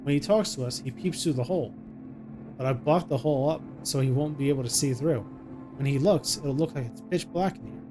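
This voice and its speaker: Man voicing a scared young mother, hushed. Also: medium pitch, brisk, over music, close to an everyday voice. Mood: hushed, coaxing. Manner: hushed and soothing, coaxing a child. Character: frightened young mother protecting her son. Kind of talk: reading game dialogue aloud.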